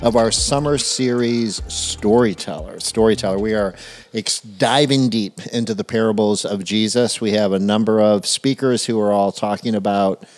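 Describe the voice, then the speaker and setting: A man's voice: on the low side, normal speed, soft background music. A man hosting a church podcast, upbeat and jokey as he welcomes listeners and guides the chat. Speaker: podcast host.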